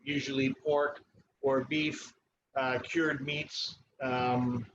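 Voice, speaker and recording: A male chef and cooking instructor gives a live cooking demonstration in a ski club kitchen, his mid-pitched voice relaxed and instructive with frequent pauses. The stream audio sounds dull, with audible background noise.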